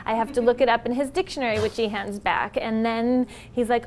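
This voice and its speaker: A woman guest on a comedy game show, telling a comic anecdote in an animated way and laughing between phrases. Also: fairly high pitch, brisk, few pauses, slight background noise. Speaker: celebrity guest.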